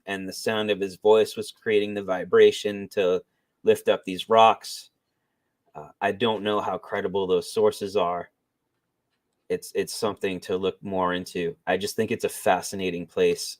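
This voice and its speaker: A man co-hosting a podcast, talking in a measured, musing way. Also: lowish voice, steady tone, no room sound. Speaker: podcast co-host. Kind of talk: casual chat.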